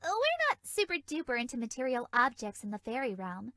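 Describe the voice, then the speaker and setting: A bubbly female love fairy for a video game, giggling and gushing in a bright, sparkling tone that leaps all over its range. She sounds sweet, scatterbrained and dramatic. The studio sound is close and dry. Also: a little high, sing-song, fairly quick, dry recording, full character voice.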